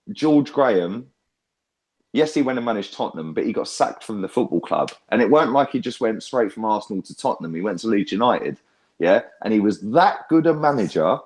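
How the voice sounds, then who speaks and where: A young man, talking in a lowish voice. He hosts a fan chat and rants loudly with heavy swearing. His speech is animated, with frequent tag questions thrown in. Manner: loud, sweary, animated ranting. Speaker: fan channel host. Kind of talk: heated casual fan chat.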